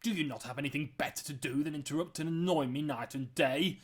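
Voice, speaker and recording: A man's voice: fairly high pitch, moderate pace, husky. Man doing an old sea captain, sneering, whispering, stuttering, storybook reading.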